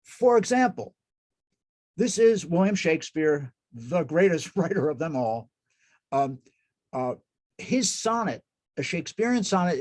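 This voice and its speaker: Enthusiastic cantor lecturing, fairly high. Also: male voice, darkish tone. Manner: restarts and corrects himself often, enthusiastic. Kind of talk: informal lecture. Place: synagogue hall.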